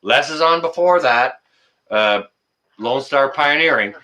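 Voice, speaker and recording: A man from Canada hosting a live stream and taking calls, chatting casually with excited outbursts and lots of filler words. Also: mid-range voice, a little slow. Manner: excitable, loud exclamations, many fillers. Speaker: livestream host.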